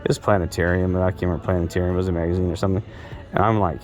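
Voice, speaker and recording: Deep-voiced man rambling through family stories. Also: fairly even intonation, very fast, a little mellow, soft background music. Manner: meandering, repeats himself, many fillers and restarts. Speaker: vlogger. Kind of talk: rambling personal storytelling.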